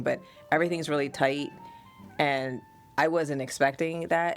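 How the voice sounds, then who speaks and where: Lively storytelling woman host. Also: sits low. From United States. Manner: animated storytelling, laughs often. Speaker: podcast host and mother. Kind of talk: casual family conversation.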